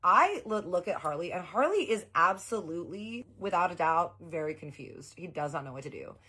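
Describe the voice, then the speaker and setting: A young woman from the American South, telling a personal story in a chatty, animated way. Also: lowish voice, normal speed, slightly rough. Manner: animated, chatty, full of "like" fillers. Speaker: storytime vlogger. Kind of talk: casual storytelling.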